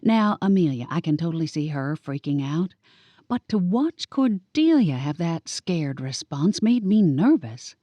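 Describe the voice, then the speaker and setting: A woman narrating a cozy audiobook in the first person, giving each character a lively voice. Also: low-pitched, a little slow, dry recording.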